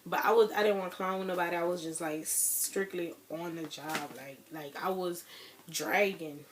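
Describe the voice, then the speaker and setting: A woman's voice: lowish voice, steady tone, moderate pace, crowd noise. A young woman telling her viewers a sad personal story in a casual, chatty way, talking straight to them as y'all. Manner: emotional, grieving retelling. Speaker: vlogger.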